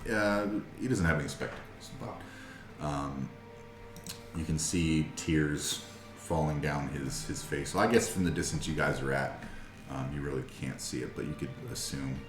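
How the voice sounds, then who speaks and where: Man, game master, very deep voice, slow, hesitant, echoey room. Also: steady tone, over music. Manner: hesitant, many fillers. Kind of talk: narrating a tabletop game.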